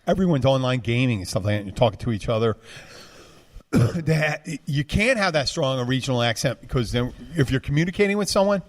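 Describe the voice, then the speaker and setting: A man's voice: medium pitch, lively intonation, a little fast. A man co-hosting a podcast, chatting casually and rambling with many restarts. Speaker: podcast co-host. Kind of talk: casual chat.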